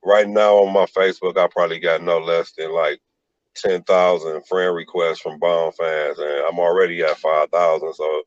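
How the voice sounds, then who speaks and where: Very deep-voiced laid-back man. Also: flat delivery, moderate pace, no echo, dull audio. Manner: laid-back storytelling with many "like" fillers. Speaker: rapper and producer guest. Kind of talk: casual interview talk.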